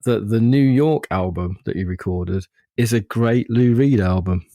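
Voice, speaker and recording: A man's voice: fairly low pitch, measured pace, warm tone, dry recording, clean studio sound. A man, co-hosting a podcast in a rambling, good-humoured casual chat. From Derby, England. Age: 50s. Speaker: podcast co-host.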